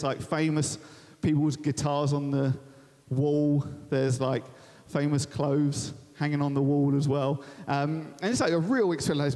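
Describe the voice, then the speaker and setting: A young man from Thanet in Kent, England, is a guest preacher giving a sermon in a large church venue, chatting through personal stories in a self-deprecating way. His voice is on the high side and a little mellow. The long reverb of a church hall fills the recording.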